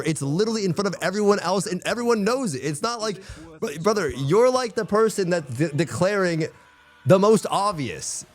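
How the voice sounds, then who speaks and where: A male streamer rambles through an exasperated, profanity-laced rant in loose slang. His voice sits a little high, and the close microphone sounds dry, with no room around it. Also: a little mellow, no room sound. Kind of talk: casual livestream chat.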